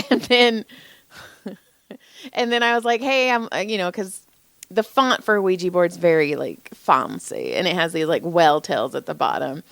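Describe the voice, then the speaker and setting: A woman in her forties co-hosting a podcast, telling stories in casual chat, animated and swearing freely. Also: smooth, dry recording. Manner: animated, swears freely, jumps pitch up for quoted voices. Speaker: podcast co-host.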